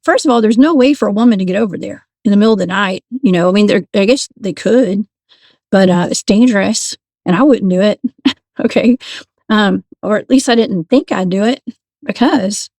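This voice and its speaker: A woman, a paranormal investigator telling her stories as a guest in a casual, animated way. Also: mid-range voice, no room sound. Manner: animated, laughs often, restarts sentences. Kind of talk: casual storytelling.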